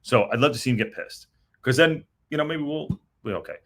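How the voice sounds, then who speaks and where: Reading chat on his post-match reaction stream, a middle-aged podcast host speaks briskly in a mid-range, fairly bright voice. He rambles on, cursing out of frustration at the viewer comments.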